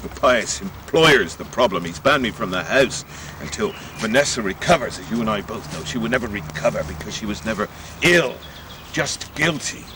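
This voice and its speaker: A man's voice: lowish voice, lively intonation, moderate pace, natural voice. An actor playing a suspicious older man in a 1950s mystery film, talking in a persuasive, condescending way. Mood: conspiratorial. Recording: hissy old VHS film transfer.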